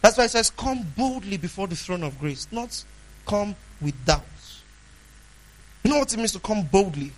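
A man preaching a sermon, emphatic, asking the congregation questions and swinging between loud declarations and hushed asides. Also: high-pitched, very animated, moderate pace, rough recording.

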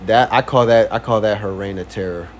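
A young man in casual couple chat, telling animated stories, swearing freely and acting out voices. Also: fairly low pitch, a little fast, a crowd in the background.

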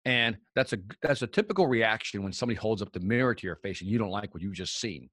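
A man's voice: lowish voice, fast, no room sound. Male guest speaker, casual storyteller who voices the people in his anecdotes, recorded dry. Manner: animated storyteller acting out dialogue. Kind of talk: storytelling interview chat.

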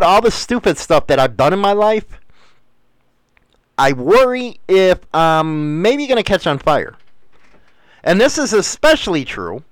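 A man's voice: high voice, no echo. A middle-aged man hosting a radio show, rambling bluntly and swearing freely in a casual monologue.

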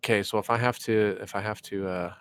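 A man's voice: fairly low pitch, fairly quick, smooth, no echo. Male co-host, loose casual rants, curses often, acts out quotes, dry close sound. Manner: animated, swears freely, acts out quotes. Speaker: podcast co-host. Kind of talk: casual chat.

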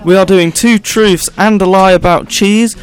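A man's voice: sits high, fairly even intonation, a little slow, faint music behind. A man co-hosting a casual radio chat show, playful, stumbling and repeating words as he goes. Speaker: co-host of a student radio show. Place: radio studio. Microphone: studio microphone.

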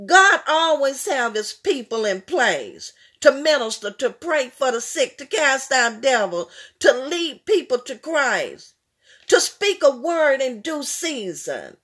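A middle-aged woman preaches a fervent sermon at a very slow, drawn-out pace. Her voice sits high and bright, swinging widely in pitch as she repeats and cries out her lines. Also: sing-song, husky. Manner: fervent, repetitive, rising into emotional crying-out.

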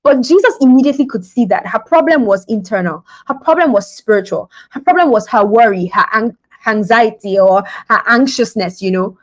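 A woman's voice: a little high, expressive, fairly quick, hardly any pauses, rough recording. Conversational woman preaching a devotional. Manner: conversational, laughs often, acts out scenes. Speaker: podcast preacher. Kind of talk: devotional podcast sermon.

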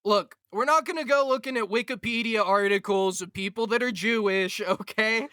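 A man's voice: high voice, normal speed, pushed and bright, clear, resonant tone, no echo, clean studio sound. A man co-hosting a podcast, ranting sarcastically in casual comedic chat and swearing freely. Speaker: podcast co-host.

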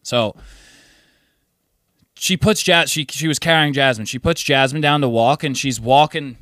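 A man's voice: unhurried, dry recording, studio quality. A man casually telling a rowdy story on a podcast, swearing a lot and acting out his friends' lines. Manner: animated storyteller, swears freely, acts out friends in high voices. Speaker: podcast co-host.

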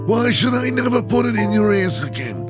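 A man doing a high mock mafia boss. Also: very animated, normal speed, music in the background. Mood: mock-menacing. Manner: menacing mock-solemn mob boss impression. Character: raspy old mafia boss granting favors.

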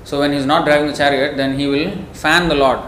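A man's voice: fairly high pitch, level tone, quick pace, fairly bright tone. Emphatic man preaching in an echoey room. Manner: emphatic, scolding, storytelling. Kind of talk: devotional sermon. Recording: echoey room, faint background noise.

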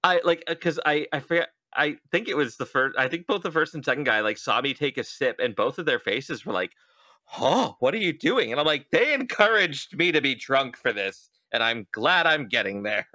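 A young adult man hosting a casual podcast chat tells his story with lively energy, acting out every quoted line. His medium-pitched voice is bright and forward at a moderate pace, recorded close and dry.

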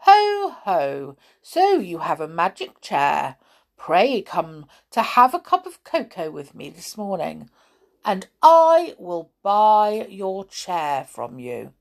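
A woman voicing a queer little male wizard in a storybook, loud and pompous. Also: mid-range voice, huge pitch swings, takes it slowly, creaky, full character voice.

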